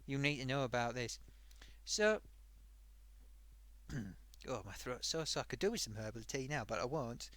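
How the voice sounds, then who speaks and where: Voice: normal speed, long pauses, no room sound, lightly acted. A performer voicing a chatty old grandmother sock puppet who hosts a live stream and tells a rambling story. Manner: rambling, animated, wild pitch swings.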